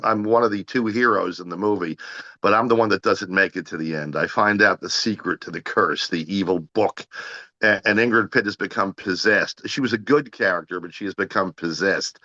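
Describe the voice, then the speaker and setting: A man with a very low voice and a bright, forceful edge tells a long story as an interview guest. He rambles, restarts his sentences and repeats words as he goes. The sound is dull and muffled, with a dry, close feel. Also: dry recording.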